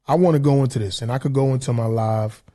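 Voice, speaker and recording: A man's voice: mid-range voice, quick pace, dark tone. A man hosting a casual podcast livestream, ranting in a profane, heated, rambling way. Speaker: podcast host.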